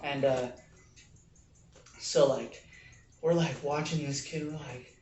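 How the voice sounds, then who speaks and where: A low-pitched woman tells a story in casual chat, leaning on fillers and acting out the shouting parts. She sits well back from the mic. The room echoes and there is steady noise behind her. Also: slow pace, faint music behind. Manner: animated, lots of fillers, acts out yelled quotes. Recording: roomy distant mic with noise.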